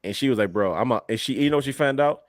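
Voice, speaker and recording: A young man co-hosting a casual wrestling podcast, animated and emphatic, often repeating words as he drives a point home. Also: medium pitch, rapid-fire, no room sound, studio quality. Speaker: podcast co-host.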